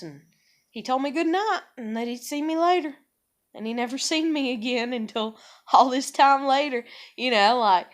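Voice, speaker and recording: A middle-aged woman with a high-pitched voice ranting bluntly and profanely to camera. She talks casually and heatedly, acting out quoted exchanges as she vents about being taken for granted. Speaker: parent venting about relationships. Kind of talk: casual vlog rant.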